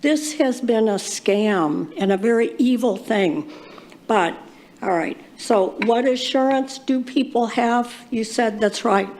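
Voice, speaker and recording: Woman, fairly high voice, impassioned and accusatory, rambling at a council podium. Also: takes it slowly, a little mellow. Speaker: public commenter. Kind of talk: public comment at a council meeting.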